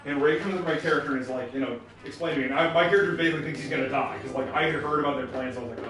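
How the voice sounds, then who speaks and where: This let's play co-host races through a long tabletop game story over gameplay with few pauses, voicing each quoted character in an animated way. His voice is on the high side. The audio is distant, off-mic in an echoey room, with music underneath.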